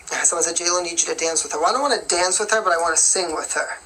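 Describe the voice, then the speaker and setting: A woman's voice: fairly low pitch, quick pace, bright, forceful tone, poor audio. A young woman singer answering fan questions in a casual live-stream chat, rambling along with lots of "like" and "you know".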